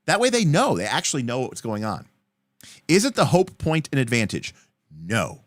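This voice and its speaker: A man hosting a livestream, casually answering viewer questions with animated game-master advice. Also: medium pitch, normal speed, no room sound, clean studio sound. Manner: animated, explanatory, answering chat comments.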